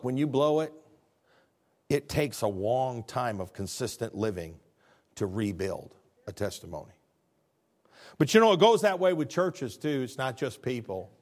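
A male pastor delivers a conversational sermon in a fairly high voice. He drops low and quiet, then climbs high and loud to drive a point home, with very lively pitch.

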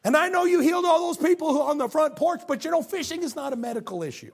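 A man's voice: extremely high pitch, very animated, moderate pace, gravelly, fairly bright tone, slightly rough, pitched above the performer's own voice, heavily acted. A man voicing a stubborn, put-upon male fisherman who complains in an exasperated way.

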